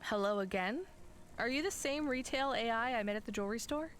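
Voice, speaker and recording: A woman's voice: a little high, brisk, lightly acted. An actress voicing a dry, understated young female courier in video game dialogue. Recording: game audio with music behind.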